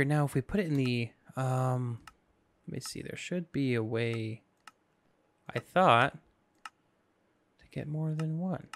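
A man's voice: a little high, no room sound. A man hosting a casual let's-play, talking through his game in a goofy, rambling way with jokes to himself, sleepy and yawning. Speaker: gaming channel host.

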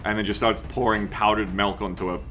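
A man's voice: on the low side, little pitch movement, fairly quick, a bit bright, faint music behind. A man streaming a strategy game, joking and swearing as he reads chat messages aloud and riffs on them. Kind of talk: casual gameplay commentary.

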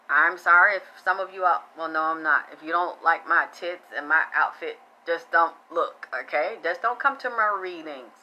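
Blunt, bright-voiced woman psychic reader. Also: fairly low pitch, a little hiss or hum, low-quality recording. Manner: blunt and chatty, swears freely, thanks viewers by name. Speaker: psychic reader hosting a live stream. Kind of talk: casual live-streamed psychic reading.

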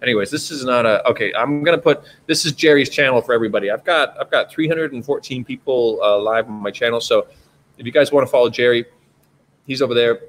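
A man's voice: mid-range voice, quick pace, fairly bright tone. A man with a Canadian accent hosting a casual live stream chat, rambling with plenty of fillers and restarts. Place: home in China.

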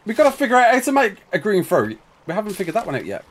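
A man streaming a game, rambling casually to his chat and to himself with quick exclamations. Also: high-pitched, huge pitch swings, slight background noise. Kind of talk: casual live-stream chat while playing.

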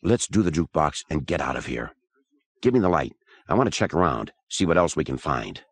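A man playing an uneasy young writer in a spoken horror story, with a deep, low voice. He sounds tense and short-tempered in a dry, close recording. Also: sing-song, a little fast, vocal fry, husky, dry recording, heavily acted.

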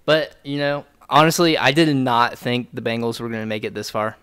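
Recorded in studio quality with a dry sound, a young man's mid-range voice comes across clear, resonant, and fairly bright at a moderate pace. He's hosting a podcast, joking around casually with heavy swearing and plenty of fillers.

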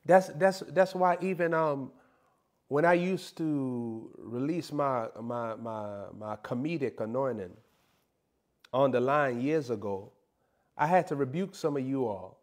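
A man's voice: medium pitch, a little slow. A man preaching a sermon in a comedic, playful way, teasing and mock-scolding his listeners.

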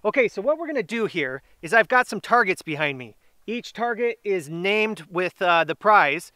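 A middle-aged grilling channel host runs an outdoor giveaway in a casual vlog, his voice sitting high with a bright, forceful tone. He's chatty and upbeat, stretching out the winners' names in drawn-out announcements. The audio is clean studio sound with no room echo.

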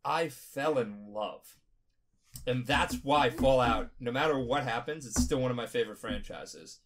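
A tipsy man talking casually on a podcast, rambling, profane and animated. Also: mid-range voice, measured pace, slight background noise. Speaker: podcast host.

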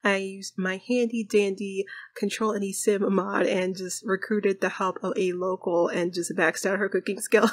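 Chatty, giggly female gamer narrating her playthrough, mid pitch. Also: little pitch movement, moderate pace, hardly any pauses. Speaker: gaming YouTuber. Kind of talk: casual game narration.

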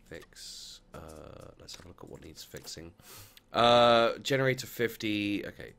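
Man, gamer, very deep voice, lively up-and-down delivery, casual commentary, mutters and swears at the game. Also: unhurried, a little hiss or hum. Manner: mutters and exclaims to game characters, swears freely. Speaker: let's play gamer.

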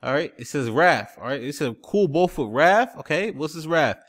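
A man's voice: fairly high pitch, lively intonation, moderate pace, a bit bright. Emphatic male scripture preacher. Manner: emphatic, repeats "okay?" and "man" constantly; looks up word definitions on screen while talking. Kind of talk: street-style scripture teaching.

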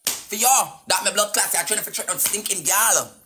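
Against a noisy background, a woman speaks at medium pitch and a moderate pace in a Jamaican Patois accent. Ranting angrily on a live stream, she curses and taunts, occasionally half singing her words.

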